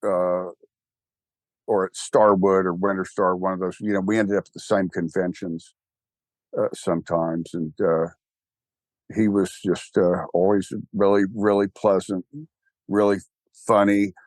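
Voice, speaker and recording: An older man with a Texan accent, an interview guest talking casually in a rambling, animated and wry way. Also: deep voice, unhurried, pauses often, no room sound. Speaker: interview guest, church founder.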